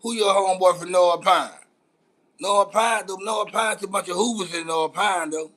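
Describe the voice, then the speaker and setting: A man's voice: high voice, moderate pace, sharp tone. A man with a Los Angeles accent hosting a casual live-stream chat, teasing his viewers in brash, profane banter. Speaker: host.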